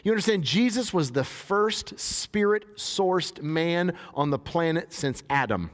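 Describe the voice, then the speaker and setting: A man's voice: a little high, lively intonation, a little slow. A man preaching a sermon in a casual, joking way, reading scripture and paraphrasing it in everyday talk. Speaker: pastor. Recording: long hall reverb.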